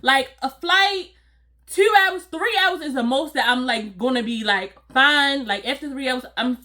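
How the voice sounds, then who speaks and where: A woman telling a casual, animated storytime to her viewers, acting out voices and laughing along. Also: high-pitched, moderate pace. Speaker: storytime vlogger.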